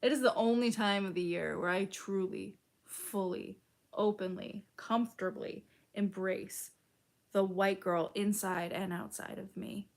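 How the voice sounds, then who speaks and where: A woman's voice: mid-range voice, fairly even intonation, measured pace, creaky. A young woman from Chicago chatting casually with her stream's chat, full of "like" and casual swearing. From Chicago, United States.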